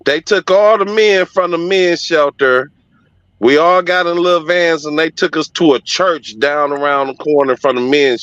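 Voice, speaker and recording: A man's voice: on the high side, a bit bright, smooth, dry recording. A middle-aged man telling a story in casual conversation, emphatic and profane but heartfelt. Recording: dull lo-fi audio, dry.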